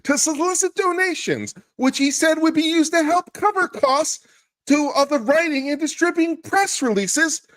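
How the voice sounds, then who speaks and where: Male comic doing a high falsetto mock-innocent busybody, sweet and prissy. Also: moderate pace, fairly bright tone, low-quality recording. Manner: mock-innocent sing-song commentary. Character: prim, wide-eyed, sugary-sweet naive gossip. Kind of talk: comic reading aloud of a court filing.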